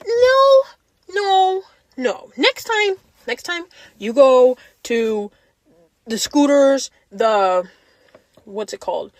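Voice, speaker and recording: A woman's voice: high-pitched, takes it slowly, no echo. A young woman hosting a podcast, ranting casually and sassily about food and calling listeners babes. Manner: animated, sassy, calls listeners babes. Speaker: podcast host. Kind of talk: casual solo podcast rant.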